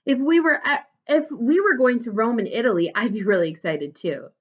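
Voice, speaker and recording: A woman reading a soft-spoken caring storybook mom. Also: fairly high pitch, a little fast, natural voice. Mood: gentle. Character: gentle caring mother. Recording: dull lo-fi recording.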